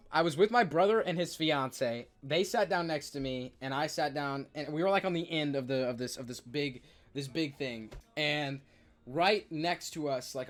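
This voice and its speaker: Excitable young man telling stories. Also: fairly high pitch. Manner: excitable, stammering, acts out quotes loudly. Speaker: streamer. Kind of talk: casual storytelling chat.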